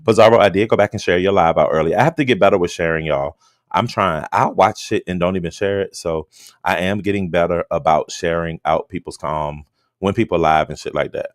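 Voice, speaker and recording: A man's voice: low voice, a little fast, no room sound, studio quality. A man hosting a late-night livestream, chatting casually and bluntly with plenty of swearing, greeting viewers by name. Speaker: livestream host. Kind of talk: casual live-stream chat and gossip commentary. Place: room at home with a door.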